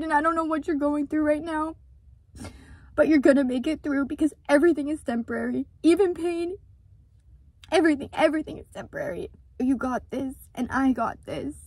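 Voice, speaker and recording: A woman with a high voice, recorded dry, vlogs outdoors about running a small business. The talk is an emotional confessional: earnest, vulnerable, with words repeated for emphasis.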